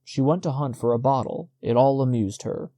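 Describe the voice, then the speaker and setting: Warm-voiced male audiobook narrator. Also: medium pitch, moderate pace, no room sound. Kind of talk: scripted narration.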